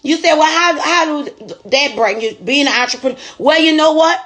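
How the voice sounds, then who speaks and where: A woman's voice: sits high, normal speed, fairly bright tone. A woman store owner telling a motivational testimony in a folksy, preachy storytelling way.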